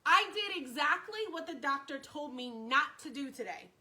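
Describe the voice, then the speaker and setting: A woman's voice: sits high, lively intonation, normal speed, bright, forceful tone, poor audio. A woman telling a story on her live stream, chatty and repetitive, greeting viewers by name as she talks.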